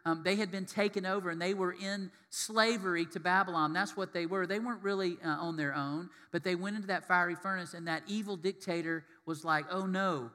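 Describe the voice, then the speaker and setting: A man preaching a sermon as pastor, animated, acting out quoted voices and asking rhetorical questions. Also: high-pitched, brisk, few pauses, long reverb tail.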